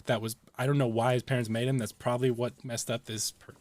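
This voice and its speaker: A man's voice: medium pitch, little pitch movement, fast, darkish tone, no echo. A man co-hosting a casual chat, telling a story with chuckles along the way. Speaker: co-host.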